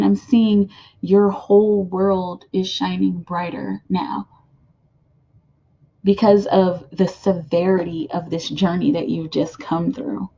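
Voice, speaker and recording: A woman's voice: mid-range voice, mellow, highs cut off. A woman giving a casual card reading to her viewers, chatty and full of fillers, often calling out to "you guys". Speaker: tarot card reader.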